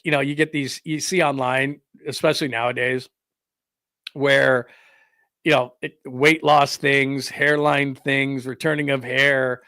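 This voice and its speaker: A middle-aged man hosting a podcast, ranting in a rambling, exasperated way with lively asides. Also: medium pitch, no room sound, clean studio sound. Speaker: podcast host. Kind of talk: casual ranting commentary.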